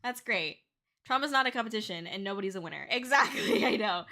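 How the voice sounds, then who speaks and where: Shrieking with excitement and close to tears, a young woman from Canada chats with her livestream audience as a VTuber, reading messages and thanking viewers. Her mid-range voice is animated, fast, and sharp-toned.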